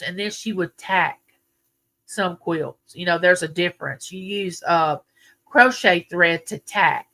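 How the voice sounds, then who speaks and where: A woman's voice: on the low side, fairly bright tone. An older woman, chatting folksily with viewers on her live stream and reminiscing as she goes. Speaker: livestream host. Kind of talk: casual live chat with viewers.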